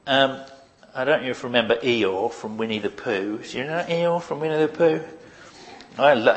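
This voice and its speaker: Speaking in a mid-range voice, a preacher addresses his congregation with animated energy. He poses rhetorical questions and slips in bits of humor.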